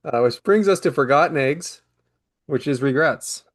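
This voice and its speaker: A man's voice: fairly high pitch, normal speed, dry recording. A man co-hosting a podcast, laughing and making mocking remarks in casual chat. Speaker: podcast co-host.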